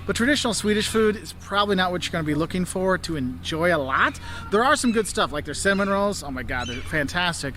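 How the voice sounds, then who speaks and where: High-voiced enthusiastic man giving travel tips. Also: animated, fast, hardly any pauses, bright, forceful tone, slight background noise. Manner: enthusiastic, laughs often, does mock voices. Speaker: travel video host. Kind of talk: travel advice vlog.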